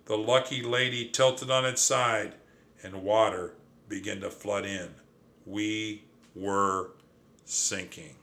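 Bright-voiced man narrating a children's story. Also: lowish voice, a little slow, gravelly. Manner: lively, dramatic first-person telling. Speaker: audiobook narrator.

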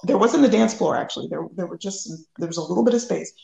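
A woman from the United States, a guest telling a personal story in a lively way, acting out the quoted lines. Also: on the low side, quick pace, creaky, echoey room, poor audio. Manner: lively, acts out quoted dialogue.

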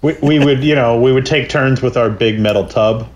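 A man's voice: mid-range voice, moderate pace, highs cut off. Wry man with faint noise. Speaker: podcast co-host. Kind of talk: casual chat.

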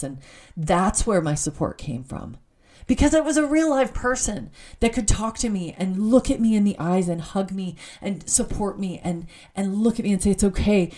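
A woman's voice: on the low side, mellow. A middle-aged woman giving an earnest, heartfelt personal faith talk, often stopping to correct herself.

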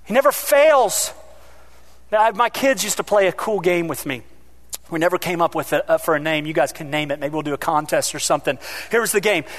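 A pastor preaching a sermon, animated, swinging between loud emphasis and quiet asides, with joking remarks to the congregation. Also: male voice, on the high side, fairly quick.

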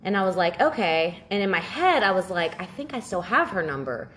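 Lower-voiced woman telling stories animatedly. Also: a little fast. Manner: animated storytelling, swears freely. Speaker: podcast co-host. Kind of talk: casual chat.

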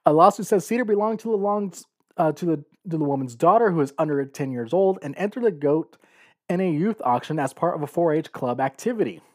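Here the California podcast host sounds fairly high-pitched, expressive, a bit fast and a bit mellow. His casual monologue is full of blunt sarcasm, and he chuckles as he reads.

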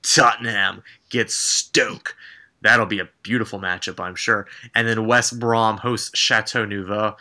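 A man's voice: lowish voice, fairly even intonation, unhurried, pushed and bright. A man co-hosting a sports podcast, running through fixtures and scores in a casual, sarcastic way. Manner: dry, sarcastic rundown of fixtures. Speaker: podcast co-host.

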